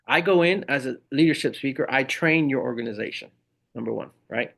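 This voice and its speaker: A middle-aged man with a gravelly edge to his voice, talking as a podcast guest. He tells his stories with energy and slips into the voices of the people he quotes, keeping it casual and conversational. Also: medium pitch, brisk. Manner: animated storytelling, acts out quoted people. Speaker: podcast guest, leadership speaker. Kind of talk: casual interview talk.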